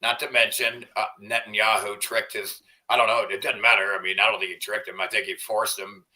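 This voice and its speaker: A man's voice: lowish voice, little pitch movement, a little fast, pushed and bright. A man livestreaming from home, ranting angrily and swearing a lot as he chats with viewers. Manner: angry, profane ranting. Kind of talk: livestream rant and chat.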